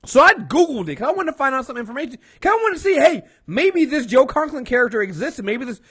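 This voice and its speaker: A man's voice: extremely high pitch, very animated, fast talker, a bit bright, husky. A man co-hosting a casual film review podcast, blunt and passionate, repeating words as he gets fired up, and he has been drinking.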